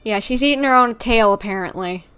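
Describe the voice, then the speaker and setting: A woman's voice: on the high side, a little fast, a bit bright, soft background music. A young woman streaming a video game, gushing and giggling over the characters. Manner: giggly, gushing fan chatter. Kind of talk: live game commentary.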